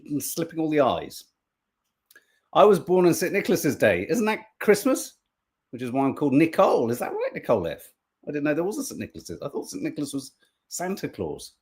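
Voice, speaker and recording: Brief: a male co-host, lively and sweary, slightly higher voice, swinging pitch. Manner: jokey, animated, swears freely. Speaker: podcast co-host. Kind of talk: casual live-stream chat, reading viewer comments.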